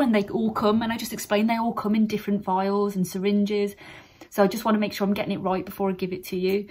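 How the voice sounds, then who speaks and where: A British woman in her thirties talks through her work as a practice nurse in a relaxed vlog. Her voice sits at an ordinary middle pitch. She is candid and chatty and pokes fun at her own slips. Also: fast. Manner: chatty, candid, laughs at herself. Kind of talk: casual explanatory vlog.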